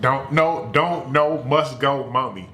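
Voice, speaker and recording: A man mimicking a shaking boy who repeats halting, broken phrases like a robot. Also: medium pitch, a bit bright, slight background noise. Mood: robotic.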